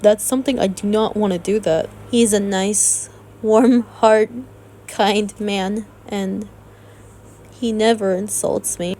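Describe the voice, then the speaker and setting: A woman's voice: medium pitch, mellow, slight background noise. A woman giving an emotional commentary rant, tearful and close to crying, raw and heated, with stumbling restarts. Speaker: YouTube commentator.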